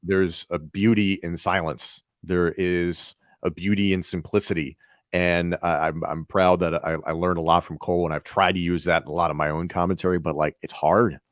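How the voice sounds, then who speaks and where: Deep-voiced wrestling commentator guest. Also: male voice, little pitch movement, normal speed, dry recording, studio quality. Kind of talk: casual interview talk.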